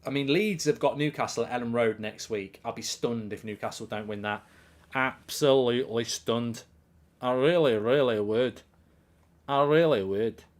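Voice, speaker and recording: A man's voice: mid-range voice, moderate pace. Chatty man hosting a football watchalong. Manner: chatty, reads out viewer comments, erupts in loud excitement at goals. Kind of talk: live match watchalong commentary and chat.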